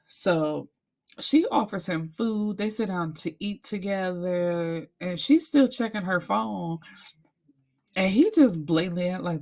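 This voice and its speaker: Lively woman recapping a book. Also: lowish voice, measured pace. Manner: animated storytelling, acts out characters, swears freely. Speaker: book reviewer.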